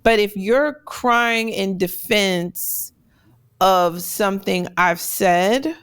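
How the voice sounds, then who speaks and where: A playful woman hosts a podcast in a casual, chatty way, with a pitch sitting right in the middle range for a woman. She laughs easily and jumps into quick asides as she talks. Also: a bit bright, smooth. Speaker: podcast host. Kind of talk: casual interview chat.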